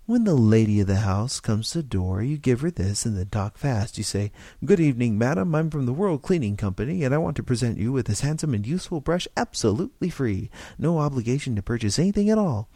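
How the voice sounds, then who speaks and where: A man voicing a cheerful little male stranger who talks patiently and coaxingly, slipping into brisk salesman patter. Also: lowish voice, sing-song, mellow, dry recording.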